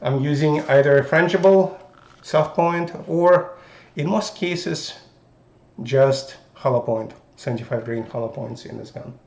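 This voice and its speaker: A man with a Russian accent hosting a firearms channel, casually showing off a gun in a halting, deliberate way that restarts mid-phrase. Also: a little high, vocal fry, slight background noise. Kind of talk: casual gun show-and-tell. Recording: roomy echo.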